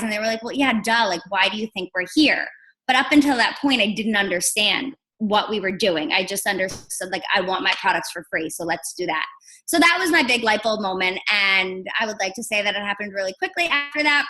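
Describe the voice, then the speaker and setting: A young woman from New Jersey, a guest on a training call, telling her story in an animated, chatty way. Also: a little high, rough recording. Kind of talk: casual storytelling.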